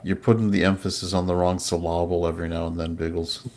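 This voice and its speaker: A man's voice: low voice, level tone, quick pace, a little mellow. A man bantering casually on a live stream, teasing the host in a dry way.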